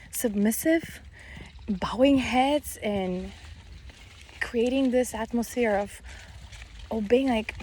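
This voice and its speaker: A vlogger and mother of five chats casually with viewers while pushing a stroller down a country road, slightly breathless and rambling with many fillers. Her voice is on the high side with a darkish tone, and there's a little hiss or hum.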